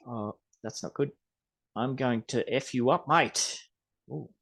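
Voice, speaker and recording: Chatty Australian man hosting a podcast. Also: mid-range voice. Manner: rambling, chatty, mild swearing. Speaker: podcast host. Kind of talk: casual podcast chat.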